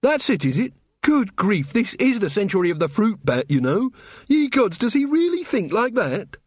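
A man voicing a sharp young female constable with a dry, sardonic way of talking. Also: extremely high pitch, wildly swooping pitch, moderate pace, dry recording, voice pushed up, full character voice. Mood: incredulous.

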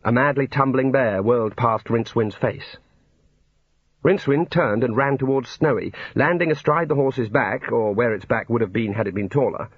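A man's voice: mid-range voice, moderate pace, husky, no echo. A man narrating a comic fantasy novel in a dry storytelling manner. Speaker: audiobook narrator. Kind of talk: scripted narration. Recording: dull lo-fi recording.

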